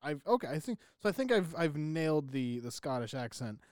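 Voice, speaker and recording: A man's voice: a little high, big pitch swings, a little fast, darkish tone. A young man co-hosting a podcast in casual chat, rambling and joking with lots of fillers and restarts. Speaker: podcast co-host.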